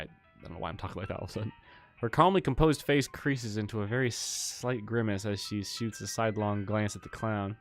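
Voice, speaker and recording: A man's voice: on the low side, brisk, faint music behind. A man streaming a game, reading its text aloud in a casual, jokey way.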